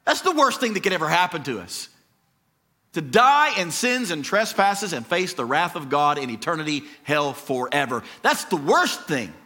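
A male pastor preaching a sermon, reading scripture and swinging between hushed, measured lines and loud, emphatic declarations. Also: fairly high pitch, big pitch swings.

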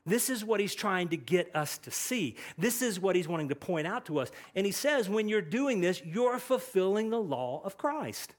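A pastor delivering a passionate sermon. His voice sits a little high for a man, and he swings from loud, emphatic repeated phrases down to near-hushed asides, now and then rushing ahead in quick bursts. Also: sing-song.

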